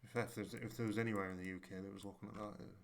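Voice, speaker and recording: A man's voice: lowish voice, level tone, rapid-fire. A man giving casual, jokey commentary while playing a game, swearing and muttering to himself. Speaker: gaming creator.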